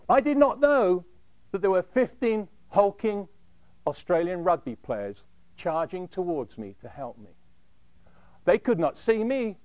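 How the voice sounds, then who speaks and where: A man telling a dramatic first-person story in a measured way, dropping low at the end of his phrases. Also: no echo.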